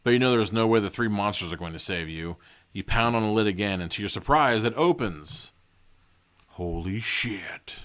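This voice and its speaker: A man's voice: lowish voice, lively intonation, quick pace, fairly bright tone. A man hosting a podcast, casually reading a horror gamebook aloud and breaking off for joking asides. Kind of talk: casual read-aloud with commentary.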